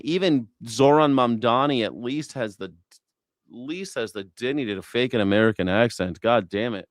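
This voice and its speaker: A man's voice: medium pitch, lively intonation, normal speed, dry recording, studio quality. A man hosting a news reaction show, talking in a profane, sarcastic, rambling way. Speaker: host.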